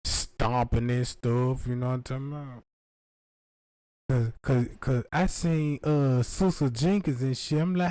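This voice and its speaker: A man's voice: medium pitch, normal speed, dark tone, no room sound, low-quality recording. A man rambling through a profane comic monologue, slipping in and out of put-on voices. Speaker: comedian.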